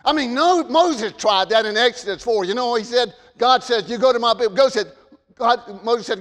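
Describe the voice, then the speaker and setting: A man preaching a sermon, stammering on repeated words and swinging between loud emphasis and quiet asides. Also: extremely high pitch, normal speed, long reverb tail.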